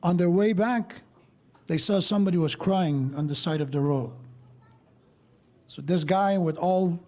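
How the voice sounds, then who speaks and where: Mellow-voiced man giving a mosque sermon. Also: sits high, unhurried. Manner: explains verses step by step, tells stories with quoted dialogue. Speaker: speaker at a mosque.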